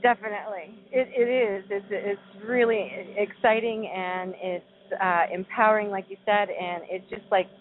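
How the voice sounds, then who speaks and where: A woman's voice: mid-range voice, fairly even intonation, moderate pace. A woman from Southern Illinois with a twang, co-hosting an internet radio chat from outdoors at night and laughing often. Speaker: co-host. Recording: tinny phone line, faint noise.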